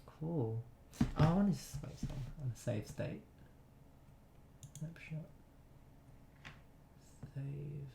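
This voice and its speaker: A man's voice: on the high side, takes it slowly, creaky, long pauses, background noise. A man casually commentating a retro game he remembers, reading its text aloud. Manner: chatty, nostalgic, reads on-screen text aloud. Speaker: let's play gamer. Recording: roomy echo.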